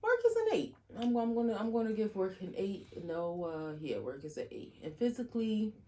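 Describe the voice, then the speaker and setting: A woman's voice: medium pitch, very animated, normal speed, warm tone. A woman co-hosting a podcast in casual chat, talking in a reflective, easygoing way. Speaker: podcast co-hostess.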